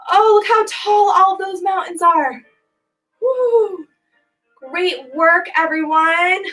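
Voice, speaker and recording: High bubbly young woman teaching kids yoga, bright voice, slow and sing-songy, faint music behind. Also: low-quality recording. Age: 20s. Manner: animated, sing-song, playful animal sounds. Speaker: children's yoga instructor. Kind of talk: livestreamed kids yoga class.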